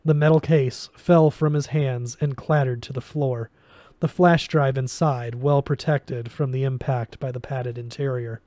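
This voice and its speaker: Man reading a novel, mellow dark tone, dry close sound, steady storytelling. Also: medium pitch, unhurried, no room sound. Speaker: reader.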